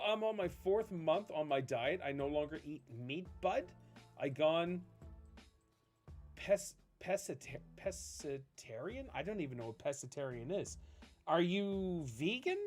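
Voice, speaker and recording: A man's voice: a little high, big pitch swings, normal speed, darkish tone, faint music behind. A man streaming a game, chatting casually with his viewers, enthusiastic and rambling, reading their questions aloud. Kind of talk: casual chat with live viewers while gaming.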